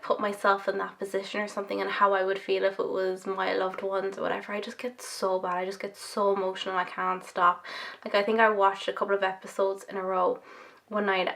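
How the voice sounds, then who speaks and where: A young woman talks through a relaxed Q&A vlog while applying her own makeup at home. She rambles from one thought to the next, full of fillers and self-deprecating asides, with a gravelly fry under her mid-pitched voice. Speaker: makeup YouTuber. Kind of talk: casual chatty Q&A vlog.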